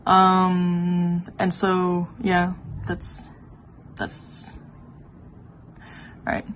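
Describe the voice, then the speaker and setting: A woman's voice: lowish voice, completely flat delivery, drawn-out words, a little hiss or hum. A young woman in her twenties, a vlogger telling a story in casual chat, playful and swearing freely. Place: outdoors and indoor museums, walking around.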